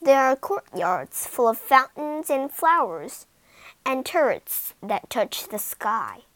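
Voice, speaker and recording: A woman's voice: sits high, very animated, slow pace, fairly bright tone, no room sound, full character voice. A woman voicing an earnest young prince in a storybook reading, exclaiming eagerly. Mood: proud.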